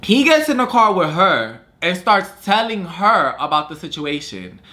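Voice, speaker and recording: A young man hosting a casual storytime vlog, telling the story in an animated way, acting out quotes, with lots of slang and swearing. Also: sits high, measured pace. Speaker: vlogger host.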